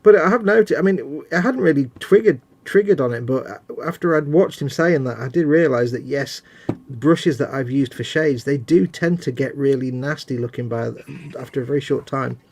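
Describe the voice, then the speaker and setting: A man's voice: medium pitch, moderate pace, few pauses, a little mellow. Chatty man hosting a hobby stream. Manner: chatty, self-deprecating, narrating his work. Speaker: host. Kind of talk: casual live-stream chat while building a model kit.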